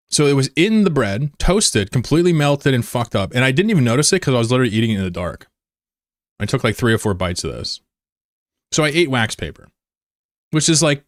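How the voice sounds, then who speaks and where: A young man telling a story in casual, self-mocking chat, animated as he retells it. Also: mid-range voice, dry recording, studio quality. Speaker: streamer. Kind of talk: casual storytelling while gaming.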